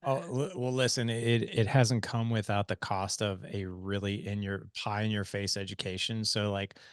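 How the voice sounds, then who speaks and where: A man in his forties hosting a podcast interview, telling stories in an emphatic, animated way. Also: lowish voice, normal speed, clean tone, no echo, studio quality. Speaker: podcast host. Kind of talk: conversational interview.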